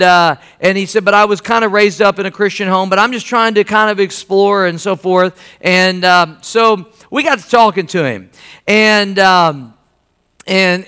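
A man's voice: high-pitched, pushed and bright, clean tone. A man, a pastor, preaching a sermon, telling a story animatedly and acting out the dialogue.

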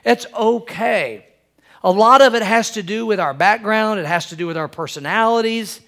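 High-pitched preaching man. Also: normal speed, fairly bright tone. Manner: preacherly, calls for amens, acts out quoted wives in a high voice. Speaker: pastor. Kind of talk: sermon.

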